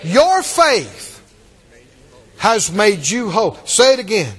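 Man preacher, very high voice, lively swings, acts out scripture with laughs. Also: slow. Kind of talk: sermon.

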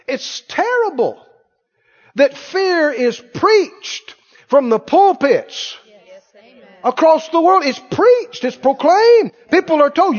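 A man's voice: very high voice, very animated, moderate pace, long reverb tail, highs cut off. A man preaching a sermon, emphatic and repetitive, often mimicking other people's voices. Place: church.

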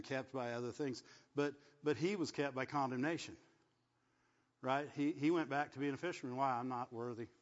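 A man preaching a sermon, often repeating words and asking the congregation "right?". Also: mid-range voice. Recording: dull sound, long hall echo.

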